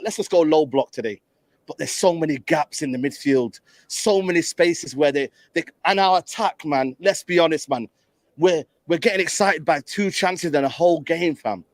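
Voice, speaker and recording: High, animated, exasperated football fan. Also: male voice, no echo. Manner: exasperated, animated, slangy ranting. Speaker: football fan ranting in a reaction clip. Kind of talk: heated fan rant.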